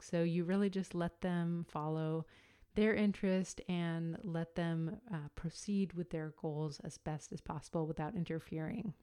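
A woman in her thirties talks alone on her podcast in a lowish, smooth and clear voice. She lays out and compares ideas patiently, pausing on fillers as she thinks, in a relaxed monologue. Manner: explanatory, compares ideas calmly with frequent fillers. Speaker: podcast host.

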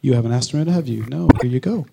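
A man's voice: mid-range voice, very fast, vocal fry, very noisy. A man moderating a live panel, upbeat and joking as he hands the mic around the audience. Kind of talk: live event hosting.

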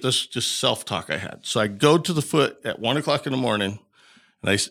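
A middle-aged man from Colorado, a podcast guest, telling a long personal story in an animated way and acting out the dialogue. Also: mid-range voice, brisk, gravelly. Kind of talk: storytelling in an interview.

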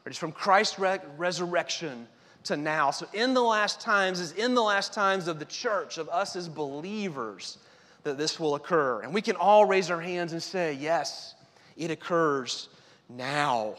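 Male pastor, casual yet emphatic sermon delivery, slightly high voice. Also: animated, moderate pace, a bit bright, big-room sound. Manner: conversational preaching, emphatic repetition.

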